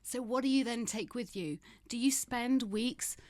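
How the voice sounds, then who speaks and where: A woman's voice: a little high, unhurried, a little mellow, no echo. A woman in her fifties, a podcast guest, talking frankly and often laughing as she moves between humor and grief. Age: 50s. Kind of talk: candid conversational interview.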